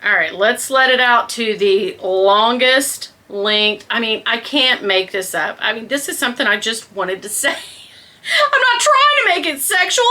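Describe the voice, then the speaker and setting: In a fairly high-pitched voice, this middle-aged woman vlogger bubbles over during a casual unboxing chat. She addresses viewers as "girl" and drops into whispered asides.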